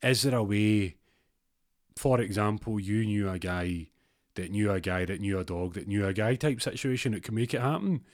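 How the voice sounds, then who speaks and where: Scottish man playing a crude, hungover regular, low voice, jokey and pleading, dry sound. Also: normal speed, no room sound, natural voice. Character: hungover, cheeky middle-aged male shop regular.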